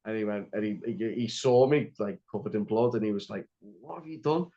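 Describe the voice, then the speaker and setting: A man's voice: lowish voice, steady tone, brisk, mellow. Rambling man, lo-fi audio. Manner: rambling, heavy use of "like" and restarts. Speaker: podcast guest. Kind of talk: casual storytelling interview. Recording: slightly dull lo-fi audio.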